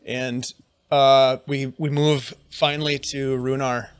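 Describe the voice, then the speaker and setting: A man running a tabletop fantasy game as game master, narrating scenes in a slow, descriptive storytelling manner. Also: mid-range voice, level tone, smooth, no echo.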